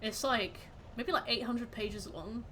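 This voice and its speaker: A woman's voice: on the high side, measured pace, noisy background. A woman streaming a game, chatting casually with her viewers in a rambling, playful way. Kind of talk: casual chat while gaming.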